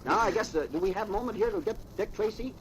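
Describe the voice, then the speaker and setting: A man's voice: high voice, quick pace, poor audio. Chatty man on hissy old radio. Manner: chatty, chuckling, rambling asides. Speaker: mayor reading comics on radio. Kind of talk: reading comic strips aloud to children. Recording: hissy 1930s radio archive recording.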